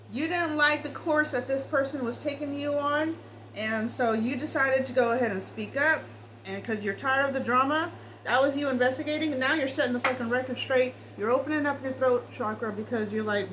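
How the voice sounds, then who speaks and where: A woman's voice: sits high, normal speed, fairly bright tone, slight background noise, rough recording. Blunt, chatty woman reading tarot. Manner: blunt, swears freely, talks straight to the viewer. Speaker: tarot reader.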